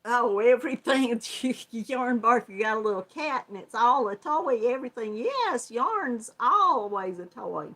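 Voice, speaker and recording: A woman's voice: a little high, animated, a little slow, hardly any pauses, fairly bright tone. An older woman with a Southern American accent, hosting a casual crochet livestream and chatting folksily with viewers, often laughing. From Georgia, US South. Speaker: crochet channel host.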